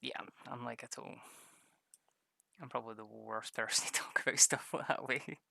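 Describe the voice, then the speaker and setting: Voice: mid-range voice, fairly even intonation, moderate pace, vocal fry, sharp tone, dry recording, clean studio sound. A streamer chatting casually while drawing maps, rambling, swearing freely, often laughing at themselves.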